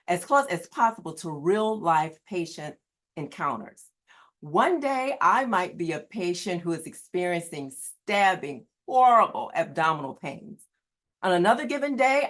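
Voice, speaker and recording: A woman gives an earnest prepared talk to new students. She stresses key words and repeats them for emphasis. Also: on the low side. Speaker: standardized patient. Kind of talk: prepared presentation.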